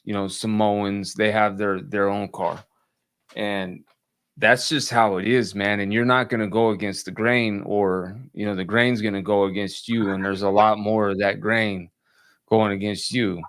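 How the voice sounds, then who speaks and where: A man in casual conversation, speaking slowly and plainly with frequent restarts and fillers. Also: fairly low pitch, little pitch movement, fairly bright tone, smooth, dry recording, clean studio sound. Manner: slow, halting, plainspoken, many restarts. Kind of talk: casual conversation about life after prison.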